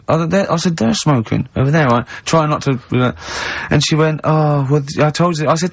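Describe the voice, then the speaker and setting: A man with an English accent hosting a radio show, telling anecdotes in lively casual banter and laughing a lot. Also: fast, hardly any pauses. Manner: lively storyteller, laughs often, high-pitched giggle. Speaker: radio host. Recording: dull lo-fi radio broadcast.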